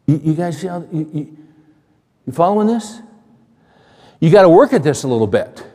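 A male pastor preaching a sermon in a conversational, animated way, repeating phrases and asking the congregation questions. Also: a little high, normal speed, breathy edge. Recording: long hall reverb.

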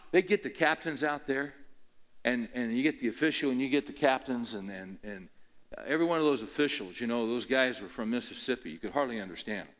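Older man, pastor, folksy rambling sermon, emphatic repetition, plain mid-pitched voice. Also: fairly quick, a bit bright. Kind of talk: conversational sermon.

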